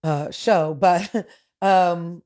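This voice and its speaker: A woman's voice: on the low side, steady tone, very slow, a little mellow. A woman talking as a podcast guest, rambling through stories with many restarts. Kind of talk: casual conversation.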